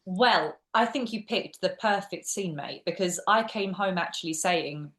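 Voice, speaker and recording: A woman's voice: lowish voice, a little slow. A woman with an English accent, a guest actress and teacher chatting animatedly in an interview over a video call. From England. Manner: animated, quotes people in lively voices. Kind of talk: casual interview chat.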